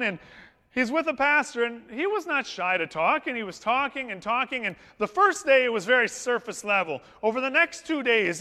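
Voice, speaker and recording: High, bright-voiced male pastor preaching. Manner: conversational, anecdotal, warm humor. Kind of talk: storytelling sermon. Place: church sanctuary. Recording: long hall reverb in a church.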